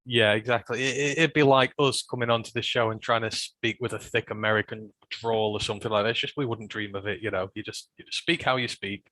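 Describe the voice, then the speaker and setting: Easygoing British man, low even voice. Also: no room sound. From United Kingdom. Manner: easygoing, hedging with fillers, leads the segments. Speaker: podcast co-host. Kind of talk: casual sports chat.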